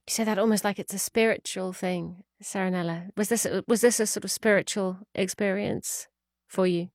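A woman's voice: mid-range voice, fairly even intonation, moderate pace, a little mellow, no room sound, clean studio sound. A woman interviewing a guest, hesitant and repeating words as she asks. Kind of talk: documentary interview.

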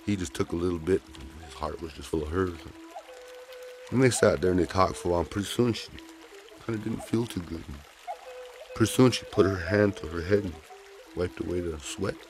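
A man telling a traditional story aloud in a gentle, folksy, unhurried way. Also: low voice, soft background music.

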